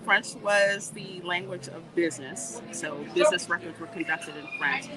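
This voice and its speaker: A woman hosting a casual livestream while walking through a theme park, reading viewer comments and chatting in an animated way. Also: lowish voice, normal speed. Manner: chatty and animated, warm greetings, laughs often. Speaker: livestream host. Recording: noisy outdoor livestream audio. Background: park ambience and music.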